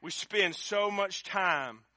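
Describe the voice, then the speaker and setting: Male pastor, middle-aged, high bright voice, fervent sermon delivery, dry recording. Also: slow, no room sound. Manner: impassioned, swells to shouting.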